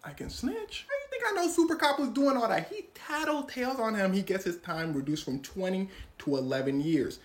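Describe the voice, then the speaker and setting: A woman's voice: medium pitch, animated, brisk, hardly any pauses. A woman telling a comedic true-crime story in a playful, slangy way, jumping into voices.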